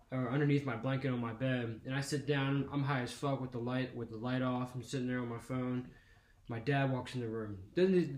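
A man's voice: medium pitch, a little mellow. A young man telling a long, profane story on a casual podcast. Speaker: podcast host. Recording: echoey room with faint noise.

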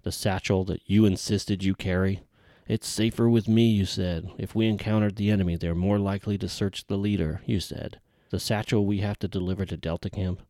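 A man's voice: deep voice, fairly even intonation, a little fast, no echo, clean studio sound. A man reading a storybook voices a stern, hot-tempered male team leader who gives curt orders. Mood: angry. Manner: curt, commanding, sharp outbursts.

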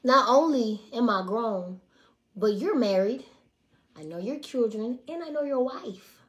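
A woman in her twenties telling stories on a casual livestream, blunt and profane. She swings between hushed asides and loud, animated outbursts. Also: fairly high pitch, slow. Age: 20s. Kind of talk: casual storytelling to a live audience.

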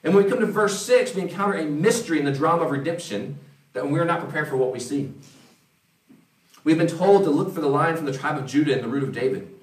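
A man's voice: on the high side, lively intonation, fast talker. A man preaching a conversational sermon, acting out quoted voices as he goes. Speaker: pastor. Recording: roomy, from a distance.

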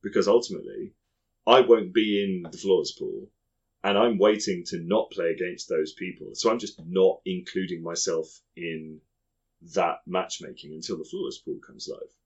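A man's voice: low-pitched, normal speed, muffled recording. A man co-hosting a podcast, chatting casually about games and swearing freely. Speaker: podcast co-host.

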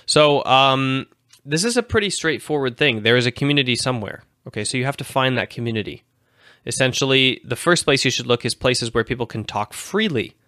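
A man's voice: mid-range voice, lively intonation, fairly quick, bright, forceful tone, dry recording, studio quality. A man in his thirties hosting a livestream show, talking casually in a rambling, self-correcting way. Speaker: host.

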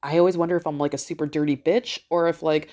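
A woman's voice: low-pitched, steady tone, fast, a little mellow. A middle-aged woman hosting a podcast, talking in a casual, rambling monologue, blunt and swearing freely. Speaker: podcast host.

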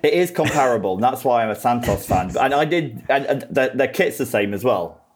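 A man's voice: mid-range voice, lively intonation, a little fast, breathy edge. A man with a faded Grimsby accent, a guest in a casual podcast chat, laid-back and self-mocking. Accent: Grimsby, Lincolnshire English, diluted. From England.

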